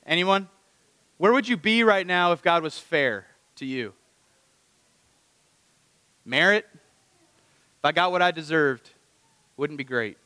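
Male pastor, bright and forceful, preaching with lively rhetorical questions; dry close mic with a long hall tail. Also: on the high side, slow, long pauses. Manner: animated, rhetorical questions to the congregation. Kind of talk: sermon.

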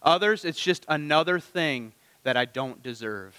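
A man preaching a sermon to his congregation, animated and full of rhetorical questions. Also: a little high, a little slow, smooth, big-room sound. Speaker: pastor.

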